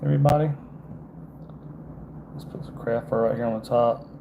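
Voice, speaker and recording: Brisk and monotone, this mid-range male voice comes through narrow, tinny audio against a noisy background. The speaker, a Southern-accented fishing guide from Georgia, USA, chats folksily with livestream viewers during a casual fly-tying demo and keeps calling them "y'all".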